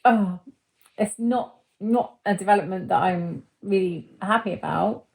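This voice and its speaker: A woman's voice: mid-range voice, a little slow, vocal fry. Mock-serious woman with hiccups. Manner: mock-serious, deadpan grumbling. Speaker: podcast co-host. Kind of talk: casual chat.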